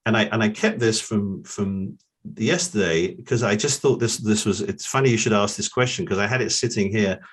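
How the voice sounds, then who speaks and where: A middle-aged man with a London accent, a guest who tells long stories in a relaxed way and often repeats his opening words. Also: fairly low pitch, normal speed, husky. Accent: London English. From England. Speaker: guest, forensic accountant. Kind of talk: relaxed storytelling.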